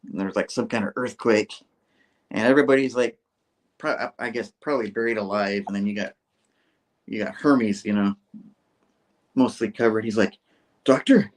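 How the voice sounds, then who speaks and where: A man's voice: lowish voice, fairly even intonation, moderate pace, long pauses, rough recording. A man co-hosting a casual show, loosely retelling a comic story with lots of fillers. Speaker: co-host reading a comic aloud. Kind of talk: casual podcast chat, recapping a comic.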